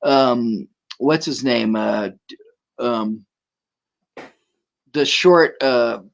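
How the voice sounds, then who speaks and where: A man's voice: medium pitch, extremely slow, creaky, lo-fi sound. Hesitant man chiming in on a show. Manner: adds details, searching for words with hesitant "um" and "uh". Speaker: guest healer. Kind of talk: casual talk.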